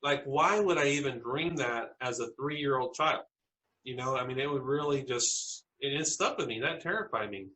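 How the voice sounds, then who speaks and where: Bright-voiced man telling eerie stories. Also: medium pitch, poor audio. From South Texas. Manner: earnest, halting storytelling with restarts. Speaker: interview guest. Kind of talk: telling personal stories in a podcast interview.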